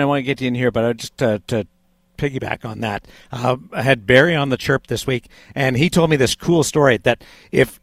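A man's voice: mid-range voice, dry recording. A man hosting a sports talk show, chatting conversationally with guests.

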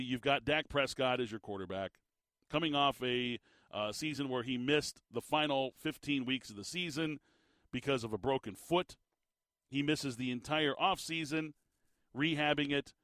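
Guy, sports radio host, tired squeaky voice, incredulous rants, dry sound. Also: no echo. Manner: animated, incredulous rants with laughs. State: fatigued voice, slightly squeaky. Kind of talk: sports talk radio monologue.

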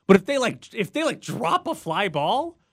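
Young male co-host, fairly high and very lively voice, teasing and argumentative. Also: normal speed, creaky, husky, no room sound, studio quality. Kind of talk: casual sports chat.

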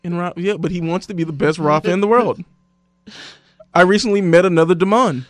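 A man hosting a casual sports podcast, telling stories and quoting others in lively voices. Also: sits high, brisk, dry recording, clean studio sound. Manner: animated storyteller, quotes others in voices. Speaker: sports radio host.

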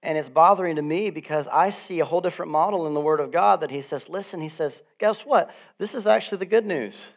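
A middle-aged man preaching a sermon as pastor, animated and laughing often, swinging between loud bursts and soft asides. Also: a little high, fast, few pauses.

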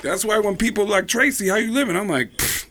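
A man putting on an excitable male comedian who talks in high, loud, rambling bursts. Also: a little fast, heavily acted. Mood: hyped.

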